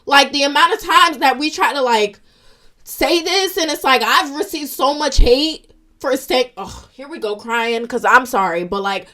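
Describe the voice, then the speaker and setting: A woman's voice: sits high, measured pace, pushed and bright. A young woman ranting in a casual vlog, emotional and frustrated as she talks to her followers. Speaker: social media commentator.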